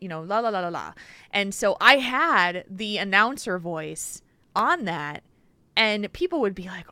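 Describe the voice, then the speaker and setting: A woman co-hosts a relaxed podcast and tells stories with animated, lively energy. Her voice sits in a middle pitch with a bright, forward edge. The recording is close and dry, with no room sound. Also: normal speed, no room sound. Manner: animated storyteller, laughs often, slips into silly voices. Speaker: podcast co-host. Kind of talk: casual podcast chat.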